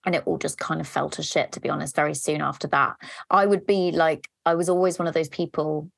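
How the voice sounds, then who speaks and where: A woman in her thirties with an English accent talks openly on her podcast, frank and confessional, dropping casual swears between fillers. Her voice sits low. The sound is dry and close. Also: fairly even intonation, a little fast, gravelly, dry recording. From England. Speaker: podcast host. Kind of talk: candid personal podcast monologue.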